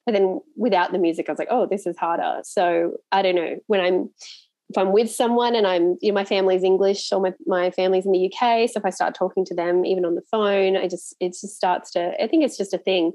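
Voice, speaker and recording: An Australian woman hosts a relaxed podcast chat and tells stories with lively, easy laughter. Her voice sits in a middle register. It is recorded dry, with almost no room sound. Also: mid-range voice, fast talker, no room sound. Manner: chatty, animated storyteller who laughs easily. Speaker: podcast host. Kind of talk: casual conversational interview.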